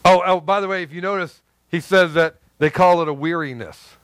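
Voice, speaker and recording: High-voiced man preaching animatedly. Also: fairly quick, clean tone, dry recording. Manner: animated, conversational preaching with repetitions and acted asides. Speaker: pastor. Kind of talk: sermon.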